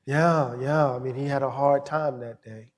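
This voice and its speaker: A man's voice: mid-range voice, normal speed. A middle-aged man speaking as a guest scholar in an interview, telling stories with passion and reflecting aloud. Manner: passionate storyteller, animated and reflective. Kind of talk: interview conversation. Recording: reverberant hall.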